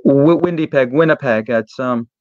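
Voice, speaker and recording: A man's voice: mid-range voice, moderate pace, a little mellow, no echo. A man hosting a casual interview, asking questions with jokey asides, over muffled call audio. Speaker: host.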